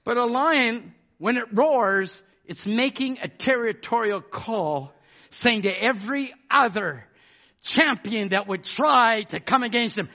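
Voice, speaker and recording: A man preaching a fiery sermon, fervent, swinging between shouted declarations and hushed asides. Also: high-pitched, measured pace, muffled recording.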